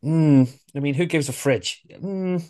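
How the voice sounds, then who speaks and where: A man's voice: fairly high pitch, measured pace, no echo, studio quality. A man hosting a casual podcast chat, telling film stories with animation. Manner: animated storyteller, acts out quoted lines. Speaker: podcast host.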